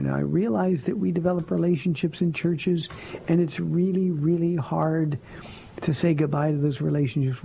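A man's voice: a little high, vocal fry, warm tone, slight background noise, rough recording. A man hosting a radio call-in show as a pastor, answering listener questions about faith in a firm, blunt, plainspoken way from a studio.

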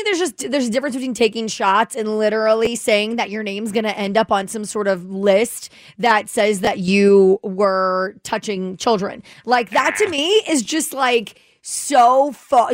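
A woman's voice: on the high side, moderate pace, hardly any pauses, no echo, clean studio sound. A woman co-hosting a morning radio show, giving blunt, opinionated takes. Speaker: radio co-host.

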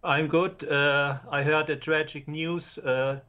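A man with a German accent calling in to a sports talk show, speaking hesitantly with many pauses. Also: a little high, little pitch movement, muffled recording. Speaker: caller.

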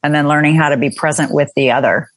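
A man hosting an interview, asking questions and offering quick, encouraging affirmations. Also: on the high side, fairly even intonation, dry recording. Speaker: host. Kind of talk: casual interview conversation.

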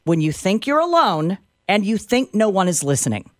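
A woman's voice: mid-range voice, big pitch swings, normal speed, no room sound, studio quality. A woman co-hosting a talk show, arguing her point in an emphatic, incredulous way. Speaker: co-host. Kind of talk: casual talk show banter.

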